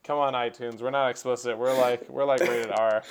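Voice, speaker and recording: A man co-hosting a casual podcast, ranting animatedly and swearing about slow traffic. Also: mid-range voice, steady tone, over a noisy crowd. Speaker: podcast co-host. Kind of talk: casual chat.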